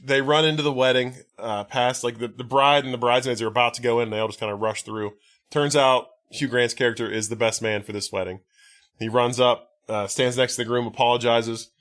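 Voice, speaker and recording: A man's voice: medium pitch, fairly even intonation, brisk, fairly bright tone. Male podcast co-host, mid-range voice, loose and sardonic, swears freely while recapping a film. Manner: wry, profane, rambling recap with many fillers. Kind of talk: casual movie recap chat.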